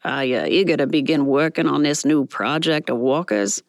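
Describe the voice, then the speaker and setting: A man's voice: a little high, normal speed, vocal fry, no room sound, studio quality. A woman narrator voicing a cheeky male press reporter with a thick Brooklyn accent.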